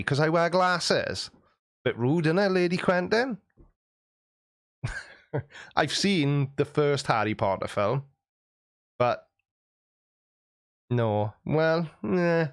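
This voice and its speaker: A man's voice: on the high side, lively intonation, very slow, long pauses, no room sound, clean studio sound. A man hosting a live stream, casually reading out viewer comments with cheeky jokes and frequent laughs. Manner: jokey, cheeky, laughs often.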